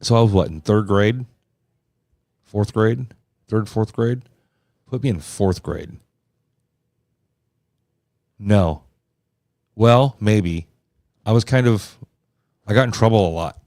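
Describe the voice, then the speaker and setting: A man's voice: lowish voice, takes it slowly, long pauses, darkish tone, dry recording, clean studio sound. A man around fifty hosting a podcast, talking loosely and rambling with lots of fillers and restarts. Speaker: podcast host. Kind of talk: casual podcast chat.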